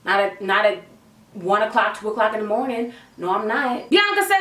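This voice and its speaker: Young woman, high voice, lively slangy storyteller, echoey room, mic a bit far off. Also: a little fast. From Canada. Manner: animated, slangy, acts out quotes. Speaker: vlogger. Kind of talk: storytime vlog.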